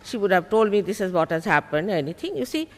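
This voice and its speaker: A woman's voice: medium pitch, sing-song, fast. An older woman, a spiritual teacher at a public talk, firmly scolding and repeating her points. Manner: firm, scolding, repeats herself. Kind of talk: public talk, heated exchange with audience. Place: large public hall. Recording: long reverb of a large hall.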